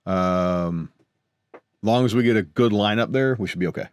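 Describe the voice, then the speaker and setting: An American man hosting a podcast in casual chat, talking in a measured way with many fillers. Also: fairly low pitch, clean tone, no echo. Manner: measured, filler-heavy planning talk.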